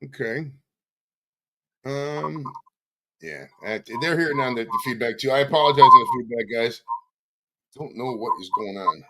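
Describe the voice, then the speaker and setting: Bright-voiced casual male podcast host. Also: medium pitch, lively intonation, normal speed, long pauses, low-quality recording. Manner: casual, profane, flustered by audio trouble. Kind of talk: live-streamed interview. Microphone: streaming setup with computer mic.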